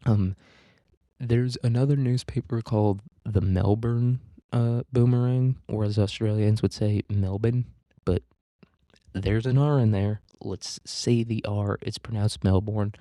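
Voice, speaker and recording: A man's voice: fairly low pitch, steady tone, a little slow, mellow, no room sound. A young man hosting a casual history podcast, loose and profane, joking with lots of fillers and asides. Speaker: podcast host.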